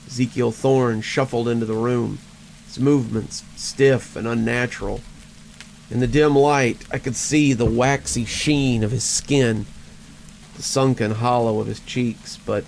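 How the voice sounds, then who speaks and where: A man narrating a horror story in a measured way, stammering at tense moments. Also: medium pitch, gravelly, darkish tone, a little hiss or hum, low-quality recording.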